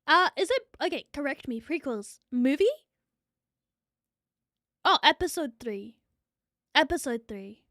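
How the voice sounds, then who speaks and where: High-voiced New Zealand woman streaming, breathless. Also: measured pace, pauses often, no echo, studio quality. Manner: excitable, chatty, swears freely. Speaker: VTuber streamer. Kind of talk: live stream chat.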